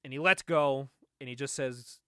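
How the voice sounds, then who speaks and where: Young man, casual comic book chat, frequent laughter, bright voice, dry sound. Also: mid-range voice, moderate pace, clean tone, dry recording. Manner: excitable, laughs often, acts out quotes. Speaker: podcast co-host.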